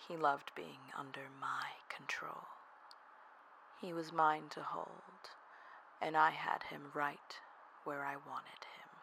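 A slow, unhurried storyteller narrating an intimate first-person tale, often sinking into a breathy half-whisper. The voice carries a gravelly fry underneath a bright, forward tone, with a faint hiss of noise in the background. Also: mid-range voice, flat delivery, poor audio.

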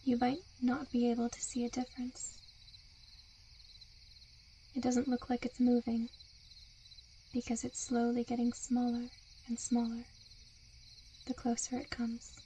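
Woman, whispered role-play, hypnotic and coaxing, very flat, higher voice, faint crickets behind. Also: measured pace, pauses often, a little hiss or hum. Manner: soft, soothing hypnotic murmur; seductive, coaxing.

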